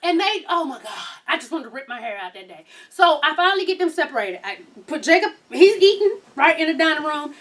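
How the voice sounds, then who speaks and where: High bright woman, loud cussing storyteller, kinda far from the mic. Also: sing-song, brisk, hardly any pauses. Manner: loud, profane, laughing storyteller. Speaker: vlog host. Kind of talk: casual storytelling chat.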